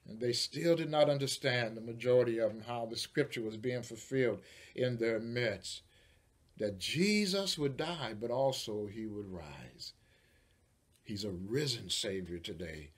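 A man, a pastor, preaching a sermon, moving from quiet storytelling to loud, rising declarations. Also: mid-range voice, animated, unhurried, slightly rough.

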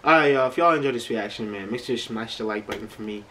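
A man talks through a reaction video in casual, slangy commentary, stressing his words and circling back to the same phrases. His pitch sits in the middle range. A faint hiss of background noise runs under his voice. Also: fast talker, bright, forceful tone, rough recording. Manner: slangy, emphatic, repeats phrases.

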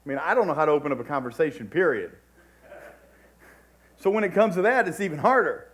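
Pastor guy preaching, kinda high voice, tells his story casual then gets loud and pushy about it. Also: animated, fast. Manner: conversational testimony, swinging between hushed retold dialogue and raised exhortation. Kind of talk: sermon storytelling.

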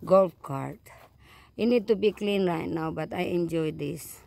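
A woman's voice: fairly low pitch, measured pace, gravelly, a little mellow, a little hiss or hum. An older woman with a Filipino accent, a truck driver vlogging casually outdoors at a campground and talking straight to her viewers. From Philippines. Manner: upset, talks straight to viewers with repeated "guys" and "okay". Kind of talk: casual vlog walkthrough. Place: outdoors at a campground, then inside a small home.

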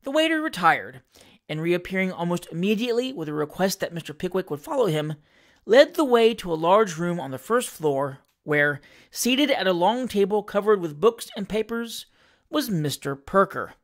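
Expressive narrator reading an old novel aloud, very animated pitch. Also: moderate pace. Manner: theatrical, expressive. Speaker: audiobook reader. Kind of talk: scripted narration of a classic novel.

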